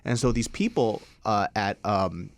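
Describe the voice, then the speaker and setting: A man in his thirties, a podcast co-host, telling a story in a lively way, acting out voices and laughing a lot. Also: on the low side, a little slow, no echo. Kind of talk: animated storytelling.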